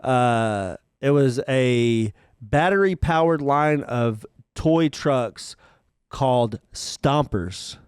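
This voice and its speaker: Male co-host, mid-pitched, clear resonant tone, relaxed and hesitant delivery. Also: drawn-out words, dry recording, clean studio sound. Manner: relaxed, informative, hesitant fillers. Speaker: podcast co-host. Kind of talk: casual chat.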